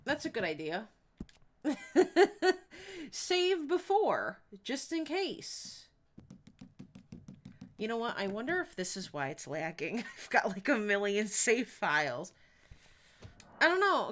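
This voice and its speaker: Slow-talking, giggly woman streamer. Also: medium pitch, sing-song, fairly bright tone, slight background noise. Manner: chatty, giggly, rambling. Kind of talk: casual live-stream chat while gaming.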